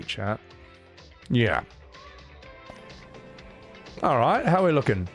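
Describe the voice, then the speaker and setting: Young guy streaming a game, swears a lot, super lively pitch, slow talker, game music low behind him. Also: vocal fry. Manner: excitable, swears, laughs often. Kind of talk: gaming let's-play commentary. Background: faint game music.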